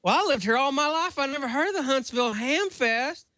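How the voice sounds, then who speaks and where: A folksy Alabama cashier lady with a teasing, puzzled drawl, her voice pushed up into a high falsetto as a man puts her on. Her pitch leaps well above the speaker's own, and she is recorded dry, close to the mic. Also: expressive, fairly quick, pushed and bright, no echo, exaggerated voice. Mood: incredulous.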